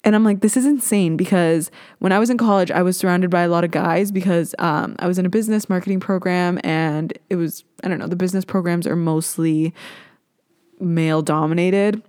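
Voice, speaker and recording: A young woman with a lowish voice hosts her own podcast, chatting casually and getting worked up as she rants, swearing without a second thought. The sound is dry and close, with no room around it. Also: a little fast, smooth, dry recording. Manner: animated, swears freely, rants. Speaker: podcast host. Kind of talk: casual solo podcast chat.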